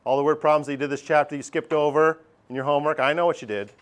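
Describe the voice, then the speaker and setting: A middle-aged man teaching a math class, lively and joking, acting out his students' voices. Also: fairly high pitch, racing. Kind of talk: classroom lecture.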